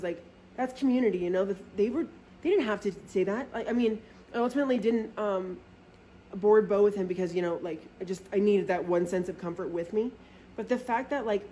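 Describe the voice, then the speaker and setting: A woman vlogger telling a casual storytime, chatty and full of filler words and swearing. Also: a little hiss or hum. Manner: acts out quoted friends with lively pitch jumps.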